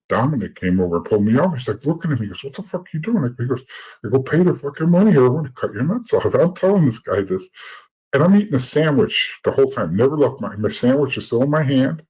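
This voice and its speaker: A man's voice: medium pitch, a little mellow, breathy edge, poor audio. A middle-aged man telling stories from his past as a podcast guest, blunt and profane, often repeating words as he talks. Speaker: podcast guest, former informant. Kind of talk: casual storytelling.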